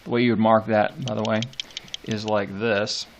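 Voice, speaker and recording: A man teaching a recorded lesson on poetic meter, thinking aloud with many fillers and restarts and slowing down to read verse lines with heavy stress. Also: fairly low pitch, little pitch movement, gravelly, slight background noise. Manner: reads verse aloud slowly, tapping out stresses. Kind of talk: instructional video lecture.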